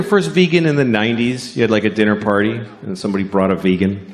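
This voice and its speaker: A man doing a stand-up comedy set, delivering deadpan and acting out voices. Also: lowish voice, fast. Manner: deadpan, acts out voices in quotes. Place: theater stage before a live audience. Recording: live show with crowd noise and laughter.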